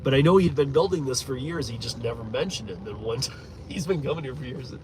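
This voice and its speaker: A man's voice: mid-range voice, fast talker. A man from Michigan, a rideshare driver, chats loosely with his stream while driving, rambling, chuckling and swearing casually. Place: inside a moving car. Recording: steady road noise from the car.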